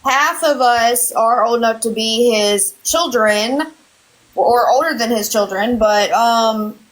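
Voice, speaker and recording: A woman's voice: on the high side, takes it slowly, a bit bright. A woman talking bluntly and emphatically in a casual live stream chat, swearing now and then.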